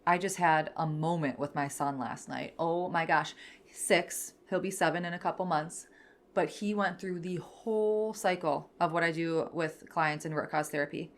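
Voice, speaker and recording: A woman in her thirties, a podcast host and therapist, teaching in an earnest, gentle way with many fillers. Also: deep voice, normal speed.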